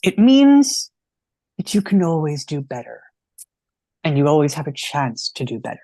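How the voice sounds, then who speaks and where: A man's voice: fairly high pitch, big pitch swings, moderate pace, warm tone, no echo. A man in his thirties from the United States, a rabbi explaining ideas in an earnest, conversational way. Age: 30s. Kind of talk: teaching in a casual chat.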